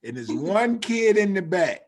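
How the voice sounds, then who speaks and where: A man's voice: high-pitched, a little slow. A man, a former football player and coach, telling stories in a casual chat and acting out the dialogue as he goes. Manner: animated storyteller acting out quoted dialogue.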